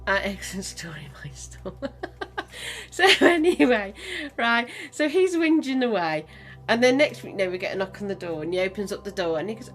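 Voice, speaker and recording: A woman's voice: on the high side, expressive, brisk, soft background music. A woman, a mother co-hosting a casual podcast chat, who tells stories and laughs often. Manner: laughs often, chatty storytelling. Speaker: podcast co-host; mother of co-host.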